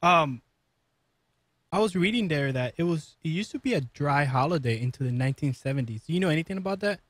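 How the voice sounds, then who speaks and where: A man's voice: a little high, lively intonation, fairly quick, no room sound. A man co-hosting a casual radio talk show, asking friendly, plain questions. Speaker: co-host.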